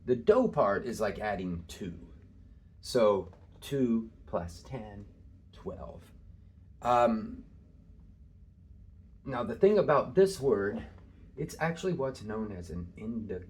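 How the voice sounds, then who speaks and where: A man's voice: lowish voice, sing-song, slow pace, long pauses, a little mellow. Man casually explaining Greek grammar. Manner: casual, thinking aloud with many fillers and small laughs. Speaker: Greek tutor. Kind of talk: informal screen-share lesson.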